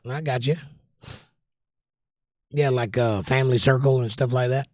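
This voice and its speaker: Relaxed man reading chat on a livestream. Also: mid-range voice, a little slow, long pauses, no echo, studio quality. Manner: relaxed, rambling, reads viewer comments aloud. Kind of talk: casual chat. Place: indoors at home by a window. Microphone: desk microphone.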